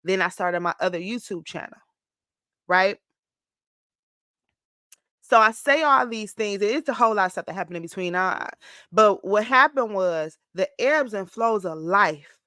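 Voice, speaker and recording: Expressive woman around forty, vlogging. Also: medium pitch, normal speed, long pauses, dry recording. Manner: expressive, slips into mock-whiny voices when quoting her past self; emotional, close to tears at times. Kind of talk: casual confessional vlog.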